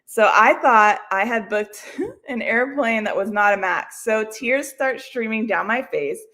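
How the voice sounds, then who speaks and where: Chatty woman livestreamer, slightly high voice. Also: a little slow, bright, forceful tone. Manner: rambling, chatty, laughs often; self-deprecating. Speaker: livestream host. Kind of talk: casual chat.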